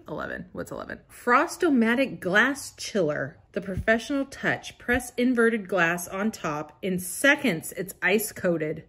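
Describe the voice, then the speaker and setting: Woman host, casual vlog commentary; chatty and excitable, reads lines aloud and reacts. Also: medium pitch, unhurried, few pauses, slightly rough. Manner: chatty and excitable, gasps and laughs at items. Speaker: vintage catalog vlogger. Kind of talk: casual commentary while reading a catalog.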